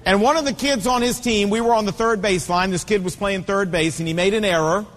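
A man's voice: sits high, fast talker, a bit bright, long reverb tail. A man in his fifties preaching a sermon with an emphatic, repetitive cadence. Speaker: pastor.

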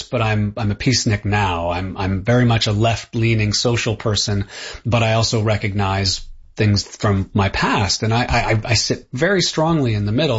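A man's voice: medium pitch, husky. A middle-aged Canadian man, an author being interviewed, speaking thoughtfully and often restarting his sentences. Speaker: author and guest. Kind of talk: interview conversation. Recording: dull lo-fi sound.

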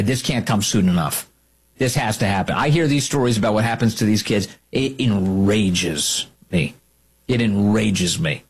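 Husky guy talk host ranting, leans on every point, says stuff twice. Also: lowish voice. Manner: emphatic, repeats his points for effect. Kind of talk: opinionated talk show monologue.

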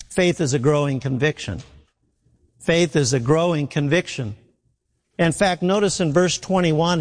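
A male pastor delivers a sermon in a slightly higher voice. He is earnest, repeats his key phrases and stumbles over the odd word. His voice rings out with the long reverb of a church sanctuary.

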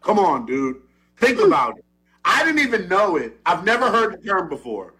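A man trading jokes on a talk show, his bright voice swooping up and down as he ribs his co-host. He sits a touch higher than most men and keeps the banter rolling. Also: moderate pace. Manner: animated, teasing, jumps up in pitch when excited.

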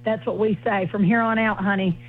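Husky Southern woman on a phone line. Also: medium pitch, fairly even intonation, a little fast, faint music behind. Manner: bubbly, gushing, folksy. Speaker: comedian guest. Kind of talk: casual chat on a phone call.

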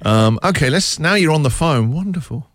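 Male radio host, animated and playful, slightly high voice, dry studio mic. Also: no echo. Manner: jokey, teasing, quick asides. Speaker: radio breakfast show host. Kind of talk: lively radio banter with callers.

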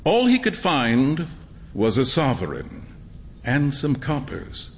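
A man narrating a storybook reading in an expressive, measured storytelling manner. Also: mid-range voice, a little hiss or hum. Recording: long hall reverb.

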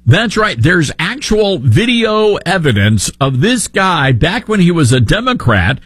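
A man's voice: high-pitched, very animated, unhurried, fairly bright tone, slightly rough, no echo. A man with a Southern accent hosting a talk radio show, sarcastic and opinionated.

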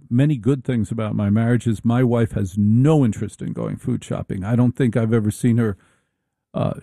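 A middle-aged man delivering a wry, rambling comedic monologue, full of halting restarts. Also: mid-range voice, creaky, warm tone, no room sound.

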